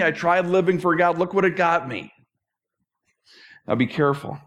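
Man, pastor, middle-aged, slightly high voice, conversational sermon, animated, self-deprecating. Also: normal speed.

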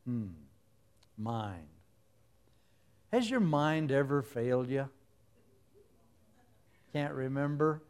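A man's voice: a little high, expressive, slow, pauses often, darkish tone, smooth. A man preaching a humorous sermon, telling stories with sound effects and laughing at his own jokes.

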